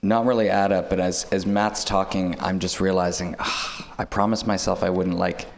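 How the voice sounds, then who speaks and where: A man on a panel earnestly clarifying a point, repeating himself to make it clear. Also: low-pitched, flat delivery, normal speed. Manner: earnest, self-correcting, repeats key points.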